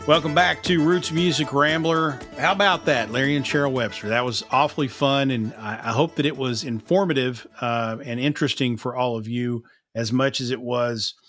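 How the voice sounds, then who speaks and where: A man's voice: medium pitch, fairly even intonation, normal speed, hardly any pauses, a bit bright, soft background music. A man with a slight Appalachian twang hosting a podcast in a folksy, self-deprecating way that is full of laughs. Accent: Eastern Kentucky Appalachian, slight twang. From Appalachian mountains. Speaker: podcast host and broadcaster. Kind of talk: casual chat.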